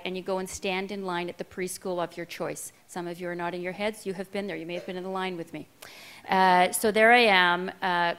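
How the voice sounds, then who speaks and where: A woman's voice: mid-range voice, fairly bright tone, clear, resonant tone. A middle-aged woman giving a speech, telling a personal story to an audience in a candid, self-deprecating way. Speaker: keynote speaker.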